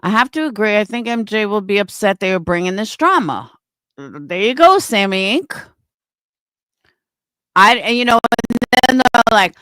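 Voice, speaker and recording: A woman's voice: medium pitch, sing-song, normal speed, pauses often, fairly bright tone, dry recording. A woman hosting a livestream, ranting angrily and swearing constantly as she answers her chat, often repeating herself. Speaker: livestream host reading chat. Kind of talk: angry livestream rant.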